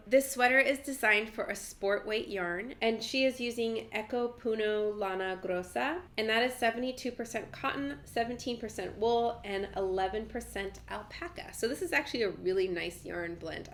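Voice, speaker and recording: A woman's voice: mid-range voice, creaky, fairly bright tone, a little hiss or hum. Young woman host, congested and nasal from a cold, casual and upbeat, with lots of filler "like"s. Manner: chatty, enthusiastic, many fillers of "like". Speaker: knitting podcast host. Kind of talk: casual pattern round-up talk.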